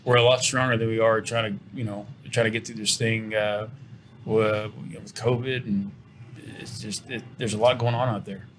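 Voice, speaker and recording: A middle-aged man, a company owner, giving an earnest interview pitch for his business and often repeating words as he restarts. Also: little pitch movement, normal speed, a little hiss or hum. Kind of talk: promotional interview talk.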